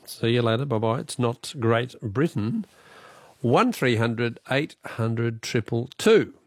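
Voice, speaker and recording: A man's voice: mid-range voice, lively intonation, takes it slowly, dry recording. An Australian man hosting a talkback radio quiz, chatty and wry as he teases callers.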